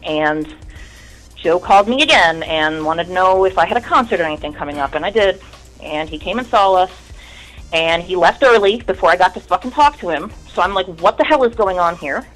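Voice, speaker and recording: A woman's voice: lowish voice, animated, a little fast, a bit bright, faint music behind, low-quality recording. A woman in her thirties, a musician guest in an interview, telling a long story in a candid, rambling, profane way.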